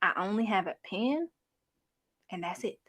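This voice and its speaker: A woman's voice: mid-range voice, expressive, unhurried, fairly bright tone. A young adult woman hosting a casual livestream, reading chat comments in a chatty, sassy, slangy way. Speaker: channel host reading live chat.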